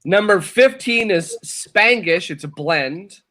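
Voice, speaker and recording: A man's voice: high voice, slow pace, slight background noise. A man on a casual live show, steadily reading out a ranked countdown between bits of chatter. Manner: steady, announcing list entries between chatter. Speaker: co-host reading a ranked list.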